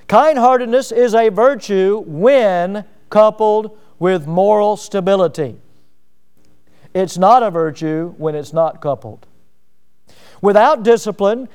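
Male preacher, high and clear-toned, reads aloud and stops to comment, stressing key words. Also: darkish tone. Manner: reads a passage then breaks off with asides and checks. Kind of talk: sermon reading and commenting on a book.

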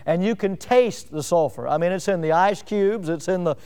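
A man's voice: sits high, normal speed, dark tone, clean tone. A man from Northwest Florida preaching a sermon, asking the congregation pointed rhetorical questions and building up emphasis. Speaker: pastor.

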